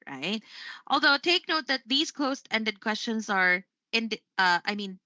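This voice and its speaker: A woman's voice: mid-range voice, bright, forceful tone, dry recording. A woman from the Philippines teaching English online, chatty, with frequent fillers and self-corrections. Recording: dry, slightly muffled sound.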